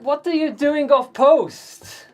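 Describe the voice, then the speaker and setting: A man's voice: very high voice, slow pace, soft background music, voice pushed up. A man voicing a stern male guard who orders a deserter back to his post. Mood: scolding.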